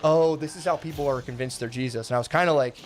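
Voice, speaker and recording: A young man with a mid-pitched voice tells a story in a loose, rambling way, dropping filler words and swearing freely. When he quotes people his pitch jumps around. A little room ambience sits faintly behind him. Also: fast talker, slight background noise. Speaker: streamer telling a story. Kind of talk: casual storytelling.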